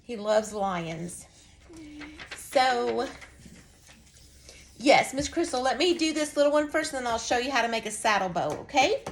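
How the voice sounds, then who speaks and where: A woman's voice: high-pitched, normal speed, slight background noise. A woman giving a casual, folksy craft lesson, chatting to viewers as she demonstrates. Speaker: craft instructor.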